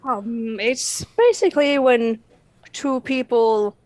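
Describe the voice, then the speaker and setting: A woman's voice: a little high, slow pace, a little mellow. A woman player in a tabletop game, speaking in character, hesitant and nervous, with many fillers. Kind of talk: in-character tabletop role-play.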